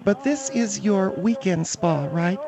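A man's voice: high-pitched, lively intonation, slow, gravelly. A man hosting a comedic radio interview, asking eager, chatty questions of his caller. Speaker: radio host.

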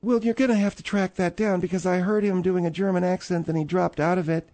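A man's voice: high voice, fairly even intonation, quick pace, mellow. A man voicing a prim, fussy middle-aged woman who fills in as host of a comedy call-in radio show and calls callers dear and honey.

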